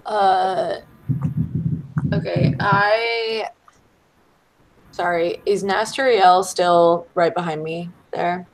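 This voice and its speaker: A woman playing a tabletop game, asking quick checking questions. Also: lowish voice, fairly even intonation, low-quality recording. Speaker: player. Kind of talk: tabletop role-play.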